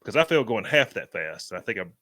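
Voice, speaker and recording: A man's voice: fairly low pitch, a little fast, dry recording. Drawling man telling stories. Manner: animated storyteller, rural Southern slang. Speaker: podcast co-host. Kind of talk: casual storytelling chat.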